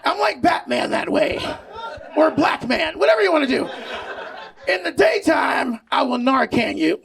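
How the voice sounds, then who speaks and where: Man, stand-up comedian, very high voice, gravelly, loud profane delivery, stage set. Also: lively intonation, normal speed, recorded from a distance, some chatter behind. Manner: brash, profane, shouts punchlines, laughs at his own jokes. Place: comedy stage before a live audience.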